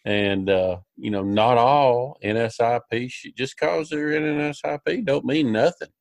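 A man hosts a podcast, telling a rambling, folksy story full of fillers and restarts. His medium-pitched voice is creaky and unhurried, and there's no room sound.

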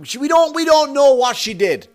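A man hosting his own podcast, telling a story in a casual, profane, animated monologue. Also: extremely high pitch, moderate pace. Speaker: podcast host.

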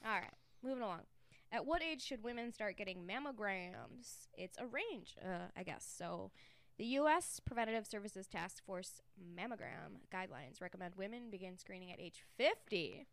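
Chatty woman host, smooth dry voice. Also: medium pitch, animated, normal speed, dry recording. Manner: laughing, swearing, chatty. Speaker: podcast host. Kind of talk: casual chat. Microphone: studio mic.

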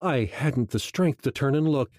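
A man reading a first-person audiobook in a slow, hushed, measured way. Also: mid-range voice, no room sound, studio quality. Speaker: audiobook narrator. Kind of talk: first-person scripted narration.

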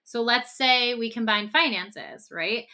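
A woman co-hosting a relationship podcast talks through a hypothetical scenario, often checking in with "okay?" and "right?". Her voice is a little high, slow and sharp in tone.

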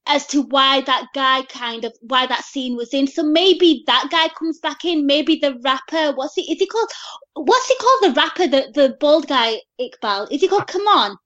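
A woman's voice: sits high, moderate pace, a bit bright, highs cut off. A woman on a panel chatting casually about a film, thinking aloud as she goes.

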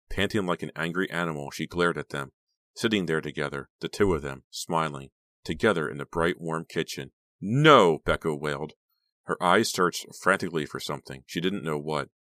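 A man narrating a horror audiobook in a steady, dramatic reading. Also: a bass voice, no echo, studio quality.

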